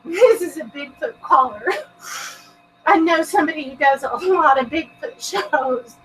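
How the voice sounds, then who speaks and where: Casting: very high, bright-voiced woman host, slow and drawn out, giggly, cussing, bubbly chat. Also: expressive, far from the mic, a little hiss or hum, rough recording. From Texas. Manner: giggly, bubbly, swears a lot. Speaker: paranormal show host. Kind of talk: casual live-stream chat.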